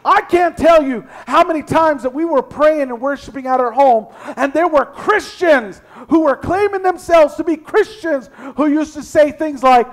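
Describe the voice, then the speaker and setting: A man preaching a sermon as pastor, reading scripture aloud and building to shouted exhortations. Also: very high voice, normal speed, hardly any pauses. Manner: reads scripture, then preaches with rising shouts. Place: church sanctuary.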